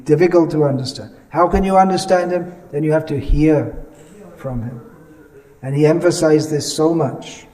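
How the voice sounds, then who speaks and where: A man giving a religious lecture as a monk, measured and explanatory, pausing often and restarting his sentences. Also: fairly high pitch, a little mellow, low-quality recording. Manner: halting, many pauses and restarts.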